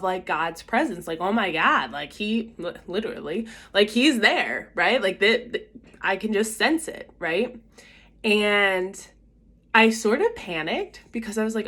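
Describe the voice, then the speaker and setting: A woman's voice: medium pitch, fairly bright tone. A young woman telling a personal faith story in a casual, chatty way, with lots of fillers and acted-out quotes. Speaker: vlogger sharing a faith story.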